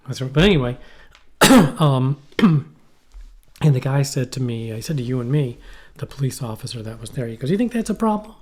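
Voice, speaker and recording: A man's voice: medium pitch, normal speed. Rambling, swearing middle-aged man. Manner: rambling storyteller, swears, acts out quotes. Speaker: podcast co-host. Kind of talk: casual chat. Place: cold shack.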